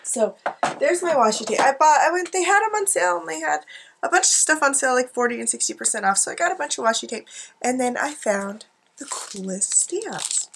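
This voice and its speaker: Woman, high voice, casual rambling chat, giggly asides, home craft desk, desk camera. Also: expressive, brisk, creaky, slight background noise. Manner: chatty, giggly, self-mocking asides. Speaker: art journaling vlogger.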